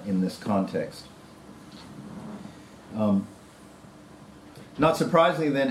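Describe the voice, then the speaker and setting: A man's voice: medium pitch, a little mellow, slight background noise. A man giving an academic conference talk, reading a prepared paper with hesitant ad-libbed asides. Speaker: lecturer. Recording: roomy lecture-hall echo.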